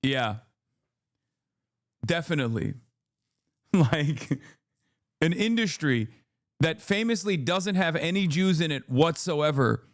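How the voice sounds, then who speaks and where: A man hosting a livestream, reacting to posts with sarcastic, deadpan commentary. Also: a little high, slow pace, pauses often, dry recording, clean studio sound. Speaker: streamer host.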